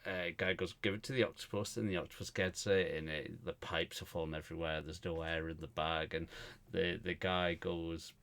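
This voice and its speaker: A man co-hosts a casual podcast, his voice deep, steady, and a bit bright at a normal speed. He rambles through a comedy anecdote, constantly restarting and filling gaps with fillers.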